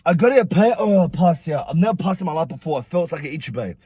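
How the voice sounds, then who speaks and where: A young man vlogger telling a story in an animated, profane, slangy way. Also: fairly high pitch, fast, slightly rough, dry recording. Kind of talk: storytime vlog.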